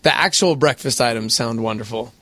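A man's voice: mid-range voice, fairly quick, fairly bright tone. A man co-hosting a morning radio show, trading sarcastic quips with the others. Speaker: radio co-host.

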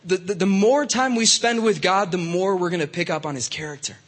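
A man's voice: high-pitched, fairly quick, fairly bright tone, long reverb tail. A man preaching to young people in a casual, conversational way, with many fillers and restarts. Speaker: youth pastor. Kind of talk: youth sermon.

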